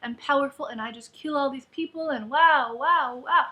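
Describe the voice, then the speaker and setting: A woman's voice: high voice, moderate pace, bright, forceful tone, dull audio. A woman mockingly voicing a whiny, self-contradicting young woman assassin in a sing-song tone. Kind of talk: sarcastic mock quotation.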